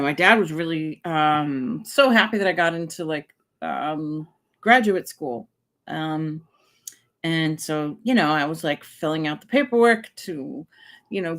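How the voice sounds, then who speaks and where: A woman with a lowish voice co-hosts a live stream. She speaks slowly and casually, and keeps reaching for "um" and "like" as she chats. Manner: chatty, with many fillers like "um" and "like". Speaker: co-host.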